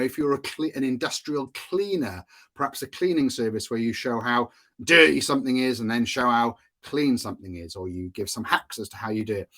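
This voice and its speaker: A man from Wales teaching in a chatty, casual way, often checking in with his listeners. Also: mid-range voice. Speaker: course instructor.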